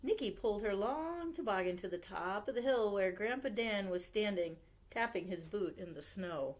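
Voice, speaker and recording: Animated librarian, woman, reading picture books to kids with wide pitch swings. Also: moderate pace. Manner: animated, expressive storyteller. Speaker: youth services librarian. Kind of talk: storytime read-aloud.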